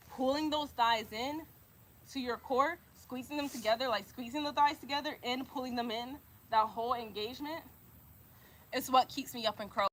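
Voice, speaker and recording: Yoga teacher, woman, bright and fairly high voice, a bit winded, upbeat casual cueing, faint hiss behind. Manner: encouraging, talks while doing the poses, casual slang. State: out of breath. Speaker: yoga instructor. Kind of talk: guided yoga class with breath cues.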